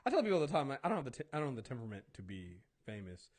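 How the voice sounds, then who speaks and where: A man hosts a casual talk-show podcast, ranting with plenty of profanity and performing back-and-forth exchanges. His medium-pitched voice is sing-song, very fast, and somewhat dark in tone.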